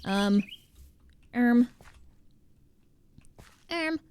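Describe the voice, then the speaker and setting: A young woman chatting casually while streaming a game, talking to her viewers in an animated, chatty way. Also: a little high, drawn-out words, a little hiss or hum. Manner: chatty and animated, talks to chat. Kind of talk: casual gameplay commentary.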